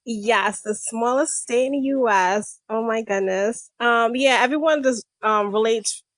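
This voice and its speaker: A woman, a chatty podcast guest who fills pauses with drawn-out hmms. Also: a little high, no echo. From Rhode Island, USA. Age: 30s. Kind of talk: casual podcast chat.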